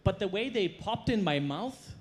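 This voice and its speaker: Guy doing a stage talk, kinda high voice, tells stories with lots of punch and humor. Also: animated, normal speed. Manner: storytelling, emphatic, playful. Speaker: chef giving a stage talk. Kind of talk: stage presentation. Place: stage before a live audience.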